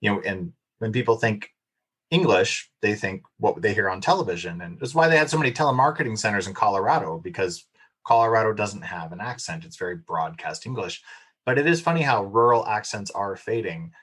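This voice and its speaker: A man's voice: on the low side, lively intonation, a little fast, fairly bright tone, breathy edge. A man from Oklahoma chatting as a podcast guest and telling stories with ease. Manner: chatty storyteller, puts on a rural drawl in quotes. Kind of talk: casual chat.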